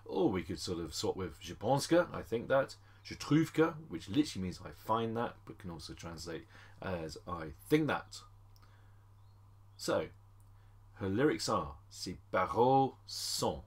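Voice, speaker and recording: A man teaching French phrases in a chatty lesson, calling the class ladies and gents and slowing down for each French phrase. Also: sits low, big pitch swings, husky. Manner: slows down to spell out French phrases. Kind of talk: screen-recorded language lesson.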